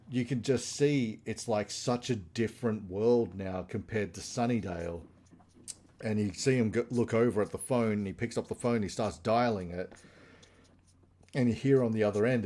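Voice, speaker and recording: A man's voice: fairly low pitch, darkish tone. Man rambling through a casual plot recap. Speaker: podcast co-host. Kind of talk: casual chat.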